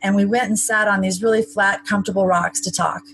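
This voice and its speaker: A woman's voice: mid-range voice, fairly even intonation, brisk, fairly bright tone, rough recording. A woman being interviewed, recounting a personal story in a chatty, matter-of-fact way with wry asides. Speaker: interview guest.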